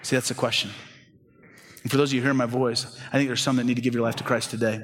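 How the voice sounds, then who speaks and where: A middle-aged man preaching a sermon as pastor, earnest, swinging from urgent, raised delivery to hushed, quiet appeals. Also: mid-range voice, flat delivery, racing, a little hiss or hum.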